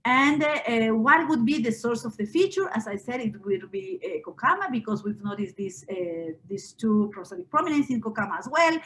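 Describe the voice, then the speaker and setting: Woman, linguist, academic conference lecture, fairly high-pitched voice, explanatory, frequent filler pauses. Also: expressive, fairly bright tone, low-quality recording. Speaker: linguist presenting research.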